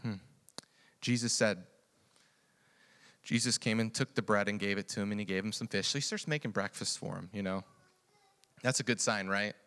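A man delivers a sermon in a bright, forceful voice. He moves between hushed, reflective passages and loud, excited retellings, laughing often as he goes. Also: lowish voice, moderate pace, long pauses. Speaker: preacher.

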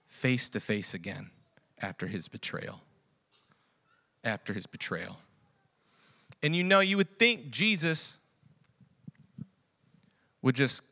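Bright-voiced man preaching a sermon. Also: on the low side, measured pace, long pauses. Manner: swings from quiet reflection to loud excited storytelling, laughs often.

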